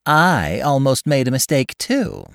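A shrill, snobbish woman, as a male narrator puts her on, declaring things vigorously. Her voice rides very high and leaps around. The sound is close and dry. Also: huge pitch swings, moderate pace, no room sound. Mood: indignant.

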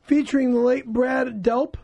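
Gravelly, very high-voiced shouting man. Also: fairly even intonation, a little slow, no room sound, dull audio. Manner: shouts profanely, blunt and erratic. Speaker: podcast co-host. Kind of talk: loud comedic banter.

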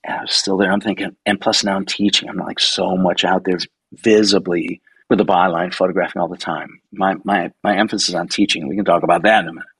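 Speaking fast in a casual interview, a male photographer in his sixties spins stories with animated looseness, cursing easily and performing the voices of those he quotes. His voice is low, gravelly and somewhat husky, recorded close and dry without room sound on a rough recording.

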